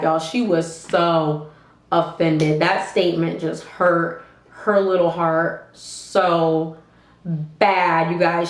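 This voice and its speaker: A young woman vlogger retelling a story in a casual, animated way, swearing freely and talking straight to her viewers. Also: fairly low pitch. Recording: roomy echo.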